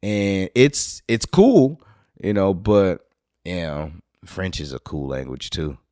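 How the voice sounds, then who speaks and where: A New Orleans man with the local accent talks slowly through a rambling, profane story on his podcast, now and then leaping into high, excited outbursts. It's a clean studio recording with no echo.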